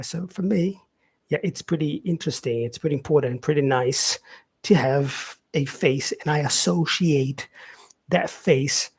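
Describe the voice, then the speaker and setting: A man teaching English vocabulary on a live stream, explaining slowly and filling pauses with "yeah" and "um". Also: on the high side, a little mellow, husky. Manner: explains slowly, with many fillers and repeated "yeah". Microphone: facing camera, streaming live.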